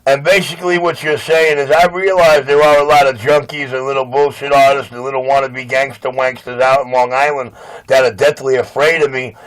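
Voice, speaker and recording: A man's voice: mid-range voice, rough recording. A man bragging and mocking his rival on a CB radio channel. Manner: boastful and mocking. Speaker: CB radio operator. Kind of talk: trash-talking radio banter.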